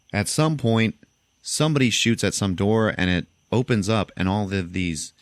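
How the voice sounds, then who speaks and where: Male podcast host, deep register, loose laughing storyteller; dry, close recording. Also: clear, resonant tone, no room sound. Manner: laughing storyteller, acts out lines. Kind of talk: casual film recap.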